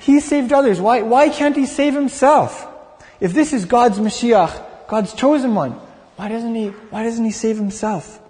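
A preacher doing scornful religious leaders who jeer in a high, loud voice. A long hall reverb trails behind. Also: male voice, a little slow. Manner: jeering, scornful. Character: mocking male religious leaders.

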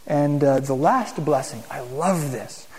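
A man teaching a congregation in a casual, animated sermon, asking the room questions as he goes. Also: mid-range voice, a little slow, big-room sound, low-quality recording. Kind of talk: conversational sermon.

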